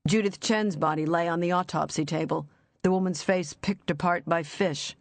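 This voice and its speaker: An audiobook narrator reading a thriller in an even, measured storytelling voice. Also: medium pitch, no echo.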